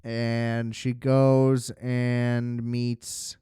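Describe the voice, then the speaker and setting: Brief: man, casual profane film reviewer, smooth voice, dry close sound. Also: mid-range voice, completely flat delivery, extremely slow, mellow, dry recording. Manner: rambling, profane, filler-heavy. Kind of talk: casual spoken movie review.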